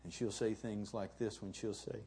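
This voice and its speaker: A man's voice: on the low side, little pitch movement, moderate pace, dark tone, slight background noise. A middle-aged man, preaching a sermon in a folksy, storytelling way. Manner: folksy, chuckling, conversational. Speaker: pastor.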